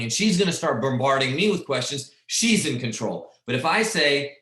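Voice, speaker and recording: A man's voice: medium pitch, lively intonation, moderate pace, few pauses, a bit bright. Emphatic male trainer in an echoey room. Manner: emphatic, checks in with frequent "right?". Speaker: sales trainer. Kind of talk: coaching a training session.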